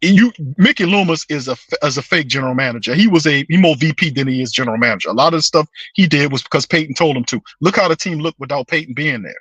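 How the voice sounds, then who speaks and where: Fired-up New man ranting, bright voice. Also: fairly high pitch, quick pace, few pauses, husky, dry recording. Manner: passionate, repetitive, slangy, addresses listeners as fam and bro. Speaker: sports show host. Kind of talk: fired-up sports fan rant.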